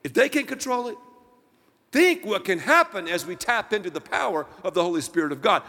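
Male pastor, sermon, high lively voice, emphatic, long hall reverb. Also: brisk, creaky, a little hiss or hum. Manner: emphatic preaching with wide swings of loudness and pitch.

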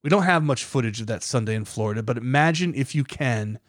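A man's voice: mid-range voice, expressive, fast talker, no echo, clean studio sound. A man hosting a podcast, reading scripted documentary narration with a dramatic, building emphasis. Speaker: podcast host.

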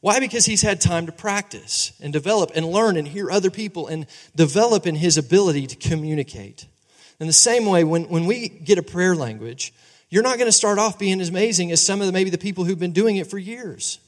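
A fairly high-voiced man in his thirties preaches to his congregation in a church sanctuary, his words ringing through a long hall reverb. He is animated and conversational, often checking that the listeners agree with him. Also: a little fast. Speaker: pastor. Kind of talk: sermon.

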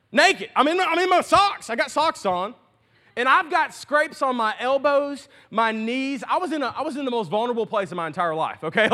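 A young man, a student pastor preaching a sermon with a comic story, animated, laughing often and shouting at the peaks. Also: high-pitched.

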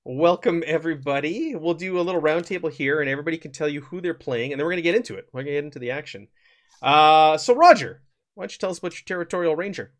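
An upbeat man runs a tabletop role-playing game as its game master. His voice sits a little higher than most men's, and he moves easily between welcoming players and explaining the setting and rules. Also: animated. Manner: upbeat, quick to laugh, explains rules on the fly. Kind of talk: hosting a tabletop game session.

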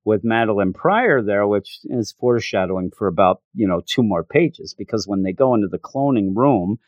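A man talks through a comic book issue in a loose, rambling recap. His pitch moves a lot as he goes, and the sound is dry and close. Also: normal speed, no echo, highs cut off. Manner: rambling, animated. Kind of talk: casual recap.

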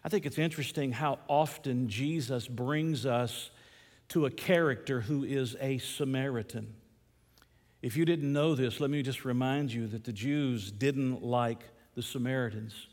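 A man's voice: mid-range voice, a little mellow, in a large hall. A man preaching a sermon, opening with a folksy storytelling joke before turning to thanksgiving. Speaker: pastor.

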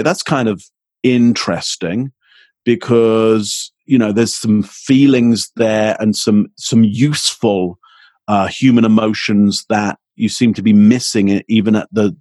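Male expert guest, husky, lively, close dry sound. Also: no room sound. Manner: energetic, acts out quoted exchanges with rising pitch. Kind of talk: animated interview answer.

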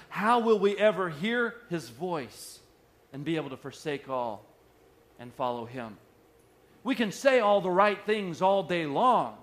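A man preaching a sermon as pastor, dropping soft and slow at times and then building up loud. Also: sits high.

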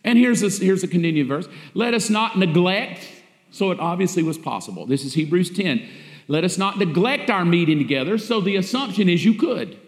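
A man's voice: sits high, expressive, a little fast. A man preaching a sermon as pastor, emphatic and repetitive, with rhetorical questions to the congregation. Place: church sanctuary. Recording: echoey church hall.

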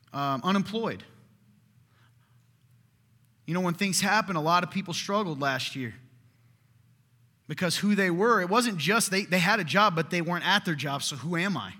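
A man's voice: sits high, bright, forceful tone. A man in his thirties preaching a sermon as pastor, in a conversational way, often checking in with "right?". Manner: conversational, keeps asking "right?". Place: church hall. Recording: echoey hall.

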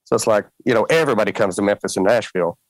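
A man's voice: on the low side, rapid-fire, dry recording, rough recording. A man with a strong Southern accent, a guest musician chatting casually and laughing easily. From Mississippi. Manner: easygoing, laughs often. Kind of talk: casual chat.

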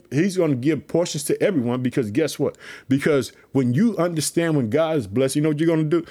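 Fired-up podcast guy preaching on scripture, pretty high voice, keeps going let me tell you something. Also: darkish tone. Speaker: podcast host. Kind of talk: animated Bible commentary.

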